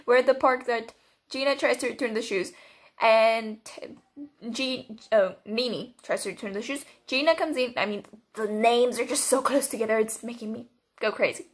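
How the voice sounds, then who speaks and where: A woman's voice: fairly high pitch, moderate pace. Giggly young woman reacting to a show. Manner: giggly, excitable, breaks into laughter. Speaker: reaction video host. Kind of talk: casual reaction commentary.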